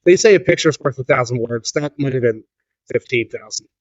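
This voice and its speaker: A man co-hosting a podcast, speaking in an earnest, measured, reflective way during casual chat. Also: mid-range voice, dry recording. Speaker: podcast co-host. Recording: dull, dry lo-fi sound.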